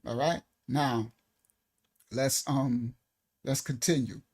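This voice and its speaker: A man's voice: medium pitch, steady tone, slow, darkish tone, slightly rough. A man, leading a casual live-stream Bible lesson in a loose, chatty way. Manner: loose and chatty, frequent "all right" and laughs. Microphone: desk mic on a live stream.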